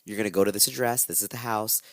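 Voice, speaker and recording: A man voicing a scheming, bossy wife who gives orders and pleads in hushed asides. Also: lowish voice, fast, no room sound, clean studio sound.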